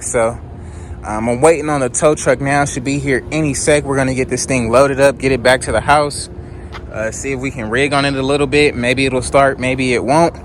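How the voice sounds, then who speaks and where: A man filming a casual vlog outdoors on a phone camera, talking loosely with lots of slang and fillers. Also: medium pitch. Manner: laid-back slangy talk, loose fillers. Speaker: car flipping vlogger. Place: outdoors at car lots and roadside. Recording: outdoor phone audio with street noise. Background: traffic and street noise.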